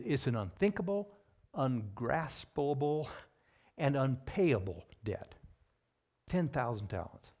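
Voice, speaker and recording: A man preaching a sermon in an emphatic way, with sudden rises in pitch and loudness on key words.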